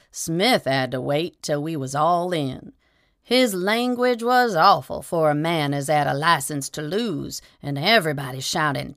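Woman narrator, low voice, steady measured reading, dry close recording. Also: no echo. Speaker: audiobook reader. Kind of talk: scripted narration of a short story.

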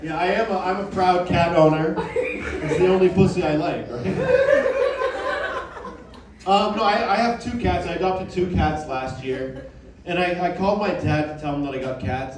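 Young guy doing standup, playful crowd banter, kinda high voice, roomy sound from off-mic. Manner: playful, self-mocking, quick asides to the crowd. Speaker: stand-up comedian. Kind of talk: stand-up set. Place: small comedy club with a live audience. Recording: roomy club sound, mic heard from a distance, audience noise.

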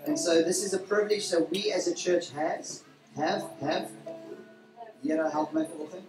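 Pastor in a roomy church hall. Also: male voice, fairly high pitch, fairly even intonation, moderate pace. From South Africa. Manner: warm, rambling, with frequent fillers and self-corrections. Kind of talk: leading a church service. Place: church hall during a service. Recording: roomy church hall from a distance, faint music.

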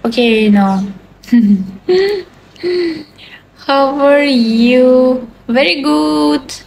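A young woman in her twenties with a Belarusian accent chats cheerfully on a livestream in broken English, reading comments and repeating greetings and thanks. Her voice is on the high side and a little mellow. The audio is poor, with slight background noise.

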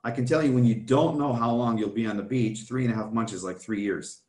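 A man tells his life story in an earnest, storytelling way. His voice sits at an ordinary middle pitch. The room around him is roomy and echoey. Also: a little fast, darkish tone. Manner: earnest storytelling, often addressing the host by name. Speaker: guest. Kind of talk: telling a personal testimony.

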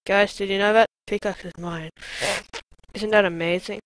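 A woman commenting on her own gameplay in a let's play, excitable and shouting taunts at enemies. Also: mid-range voice, moderate pace, noisy background. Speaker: gamer.

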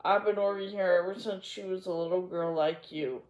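A woman voicing a tearful old male gardener who speaks softly and wistfully. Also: fairly low pitch, fairly even intonation, moderate pace, highs cut off, natural voice. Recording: echoey room.

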